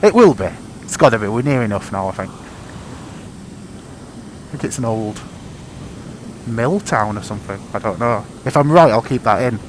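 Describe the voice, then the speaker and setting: A man talks to his camera while out on a motorbike, rambling and swearing freely in a self-mocking way. His voice sits at an ordinary middle pitch. Faint road and engine noise carries under him from a helmet or bike-mounted mic. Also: animated, moderate pace, pauses often. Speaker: motorcycle vlogger. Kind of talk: casual riding commentary. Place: outdoors riding a motorbike.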